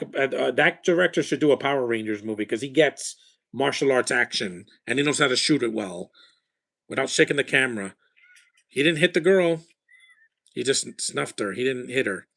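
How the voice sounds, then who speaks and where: This is a man recording a live commentary over a movie, speaking casually at a mid-range pitch. His remarks wander from one point to the next, full of fillers and false starts. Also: animated, moderate pace, vocal fry, a bit bright. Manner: rambling, off-the-cuff remarks with frequent restarts. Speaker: film commentator.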